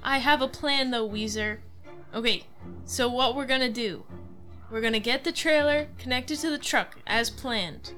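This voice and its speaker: A woman's voice: on the high side, moderate pace, sharp tone, faint music behind. A woman playing a tabletop role-playing game, chatting casually, giggling and thinking aloud. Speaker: player.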